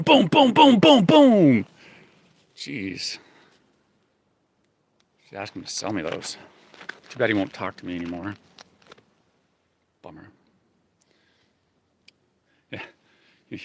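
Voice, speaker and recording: A man's voice: fairly low pitch, sharp tone. Easygoing rambling man outdoors. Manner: rambling, easygoing, many fillers. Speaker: vlogger. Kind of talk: casual outdoor vlog. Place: forest outdoors.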